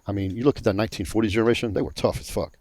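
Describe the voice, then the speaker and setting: Blunt, fast-talking man. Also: on the low side, steady tone, darkish tone, dry recording. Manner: blunt, profane storytelling. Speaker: pro bodybuilder on a panel. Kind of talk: casual chat.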